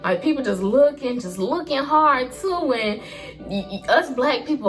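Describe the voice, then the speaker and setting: Animated high-voiced young woman telling a story. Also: a little slow, faint music behind. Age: early 20s. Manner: animated, expressive, slangy storytelling. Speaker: vlogger. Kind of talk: storytime vlog.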